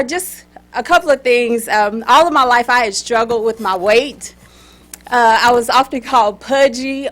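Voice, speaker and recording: Lively woman giving a humorous speech. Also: a little high. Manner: lively, talks straight to the audience and gets them to answer; laughs between lines. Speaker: contest speaker.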